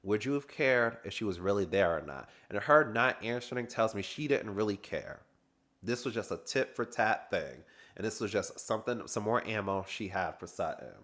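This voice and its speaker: A man's voice: on the low side, expressive, normal speed, a bit bright. A man giving a casual, sassy recap review of a reality TV reunion, chatting and laughing as he goes.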